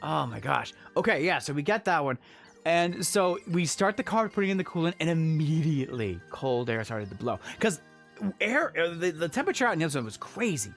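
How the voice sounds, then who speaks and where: A man chatting casually with his stream audience as he tells a story, animated and often laughing. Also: on the high side, brisk, gravelly, soft background music. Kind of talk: casual story time chat.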